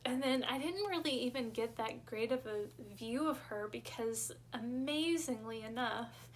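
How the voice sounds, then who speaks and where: A young woman vlogger telling her personal birth story in a halting, emotional way, close to tears at times. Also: on the high side, slight background noise.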